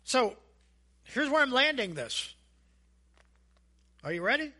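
A man preaching a sermon as a pastor, animated and asking the congregation questions. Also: very high-pitched, slow pace. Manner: animated, acts out voices and asides; asks the audience questions.

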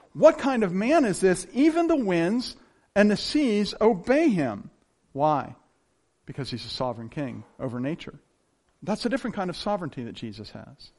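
A man preaching a sermon to a congregation, acting out the quoted voices of the people he describes. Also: high voice. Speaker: pastor.

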